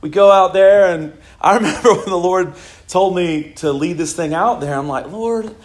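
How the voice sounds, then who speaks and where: A man preaching a sermon in a relaxed, conversational way, telling personal stories and often breaking into laughter. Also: sits high, moderate pace. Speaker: pastor. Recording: echoey room.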